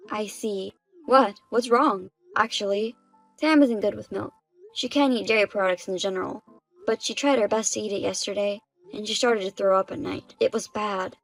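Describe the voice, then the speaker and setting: A woman's voice: mid-range voice, steady tone, moderate pace, faint music behind, low-quality recording. A woman voicing the wronged wife in a dubbed story drama, speaking plainly and with indignation.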